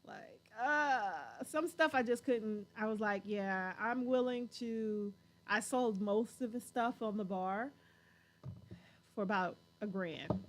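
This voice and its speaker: A woman hosting a show, chatting casually in an animated way and laughing often. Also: medium pitch, slow pace, slight background noise. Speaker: show host. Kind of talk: casual chat.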